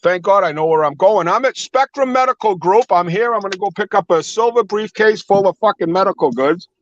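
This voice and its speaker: A man with a New England accent, calling in while driving, rambling and swearing in a loud, rowdy way. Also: high-pitched, brisk, a little hiss or hum. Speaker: regular caller. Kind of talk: casual chat while driving. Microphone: phone. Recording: lo-fi phone audio.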